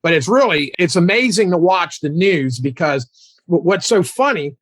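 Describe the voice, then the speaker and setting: A man in his sixties, a guest on a political talk show, animated and mocking as he talks. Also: normal speed, no room sound. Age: 60s. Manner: animated, mocking, mimics opponents in high voices.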